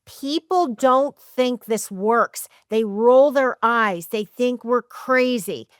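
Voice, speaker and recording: A middle-aged woman hosting a podcast, talking in a lively, chatty and emphatic way and acting out her own thoughts. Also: on the high side, takes it slowly, no room sound, clean studio sound. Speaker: podcast host. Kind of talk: casual podcast chat.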